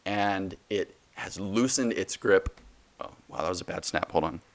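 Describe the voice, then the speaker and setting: A man's voice: low voice, measured pace. A man in his twenties hosting a solo faith podcast, talking passionately and preachily, with many restarts. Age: 20s. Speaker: podcast host.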